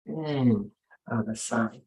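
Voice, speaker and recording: Leading a yoga session, a male instructor gives short, gentle cues in an unhurried, soothing manner, with long pauses between them. His middle-pitched voice comes from far from the mic, in a roomy room with a noticeable echo.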